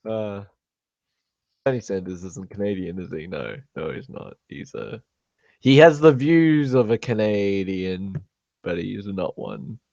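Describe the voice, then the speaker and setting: A man's voice: lowish voice, very animated, a little slow, vocal fry, mellow, no room sound. A man vlogging in a rambling, joking way, sometimes turning mock-indignant. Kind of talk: rambling solo chat to camera. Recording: dull, dry lo-fi home recording.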